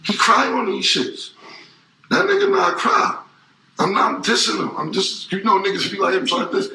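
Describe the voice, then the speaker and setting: A man in his forties talks as an interview guest, with a raised pitch and a gravelly, sharply bright tone. He hammers his points home again and again in profane street talk. The recording carries a roomy echo. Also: sing-song, normal speed, a little hiss or hum. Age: 40s.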